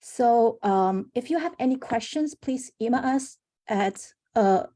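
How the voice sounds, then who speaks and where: A woman's voice: a little high, expressive, unhurried, mellow. A woman on a remote call who works as a senator's staffer, reading out announcements at a community meeting with small restarts.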